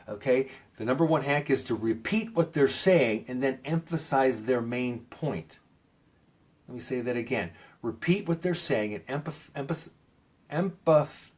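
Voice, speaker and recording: A man talking through self-help advice in a loose, rambling way, with lots of fillers and restarts, pressing hard on key points. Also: mid-range voice. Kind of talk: casual advice video.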